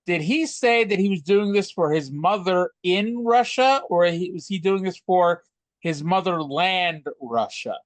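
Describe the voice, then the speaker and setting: A man's voice: high voice, unhurried, no room sound. A man co-hosting a podcast, joking and rambling in casual chat. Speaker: podcast co-host.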